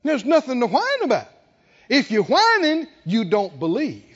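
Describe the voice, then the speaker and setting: Brief: emphatic male preacher, high and lively pitch, long hall echo, dull lo-fi sound. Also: unhurried. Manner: emphatic, dramatic repetition building in intensity. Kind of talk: sermon.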